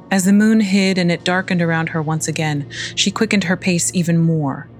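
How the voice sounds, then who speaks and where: A woman reading literary prose in a measured, even narration. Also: low voice.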